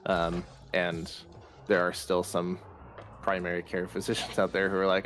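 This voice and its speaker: A man co-hosting a gaming show, a doctor who explains things in a relaxed, casual way. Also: deep voice, moderate pace, a little hiss or hum. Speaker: co-host, a doctor. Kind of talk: casual livestream chat.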